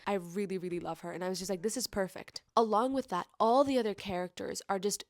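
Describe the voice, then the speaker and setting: A woman reviewing a book in a casual vlog, gushing and effusive, peppering her talk with "like" and swinging from hushed tones to loud excited bursts. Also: mid-range voice, fast, no echo, clean studio sound. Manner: gushing, effusive, heavy use of filler "like". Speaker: book vlogger.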